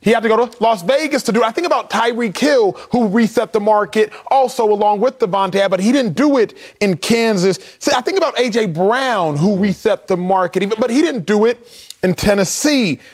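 A man's voice: high-pitched, animated, fairly quick. Man making a sports argument. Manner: repetitive, rhetorical build-up. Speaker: sports debate co-host. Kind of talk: sports debate, building an argument.

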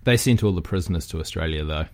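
A man with a New Zealand accent, a physical therapist chatting casually as a podcast guest, with relaxed fillers and restarts. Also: deep voice, fast talker.

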